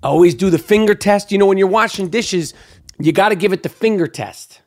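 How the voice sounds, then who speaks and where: A man's voice: high voice, fairly quick, a little mellow. A man hosting his own podcast in a brash, profane, rambling solo monologue, hyped up and talking freely. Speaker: podcast host.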